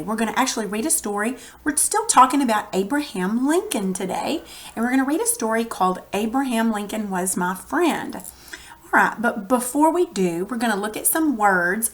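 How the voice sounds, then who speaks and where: Texan woman teacher, conversational, walks kids through a reading lesson. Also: mid-range voice. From Texas. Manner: friendly explaining, conversational.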